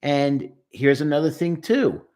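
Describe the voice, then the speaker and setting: A man's voice: on the high side, animated, a little slow, darkish tone. A man working as a therapist, giving an emphatic commentary on a song and acting out lines and voices as he explains. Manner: emphatic, quotes lyrics and acts out voices.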